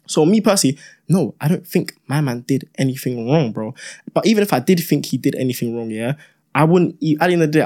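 A young man, arguing animatedly as a podcast co-host and talking over the others. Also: mid-range voice. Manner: animated, repeats "broski" and "bro", talks over others. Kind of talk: heated casual debate.

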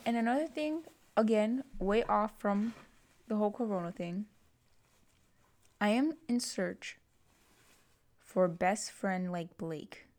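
A woman's voice: mid-range voice, a little mellow. Playful, dramatic young woman podcaster. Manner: playful, dramatic, gasps and giggles. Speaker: podcast co-host. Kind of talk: casual chat.

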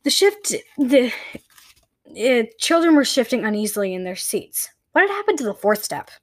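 A woman reads a children's novel aloud in a plain, unpolished way, now and then stumbling and restarting. Her voice sits somewhat high, and the recording is close and dry, with no room echo. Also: big pitch swings, normal speed. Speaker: reader.

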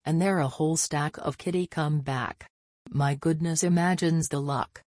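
A narrator reads a rhyming bedtime story aloud in a steady, deliberate way. The voice sits in a middle pitch, and the recording is dry and close with no echo.

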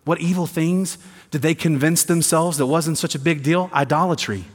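A male pastor delivers a sermon, dropping to quiet, deliberate points and then building in intensity, sometimes with sarcasm. His voice sits slightly high for a man. The sound rings out with the long reverb of a large church hall. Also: breathy edge. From American South. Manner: swings from quiet emphasis to rising intensity, sarcastic asides.

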